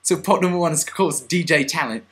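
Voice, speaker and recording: A man's voice: a little high, fast talker, a bit bright, close to an everyday voice. A man voicing a pompous, self-styled British lord who gushes theatrically, recorded on a webcam for a vlog. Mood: gushing.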